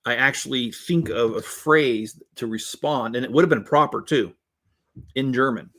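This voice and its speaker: A man in his fifties hosts a relaxed live stream and chats along with his viewers. His voice sits at an ordinary middle pitch. He rambles from one story to the next, joking and chuckling as he goes. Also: moderate pace. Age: 50s. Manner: rambling and jokey, chuckles often. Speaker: host building LEGO sets while reading viewer chat. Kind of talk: casual live-stream chat.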